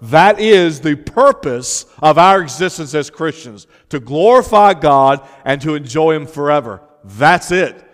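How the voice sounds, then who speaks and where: A man's voice: a little high, lively intonation, big-room sound. A man pastor preaching a sermon, stretching out key words for emphasis and turning to chat with his congregation. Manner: preaches with emphatic, drawn-out phrases, then talks informally to the congregation.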